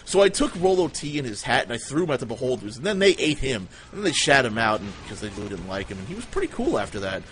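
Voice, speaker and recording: A man's voice: mid-range voice, big pitch swings, fast, hardly any pauses, slight background noise. Rambling, foul-mouthed male storyteller. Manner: rambling, swears a lot, jumps into loud quoted voices. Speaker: livestream storyteller, host. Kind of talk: crude comic storytelling.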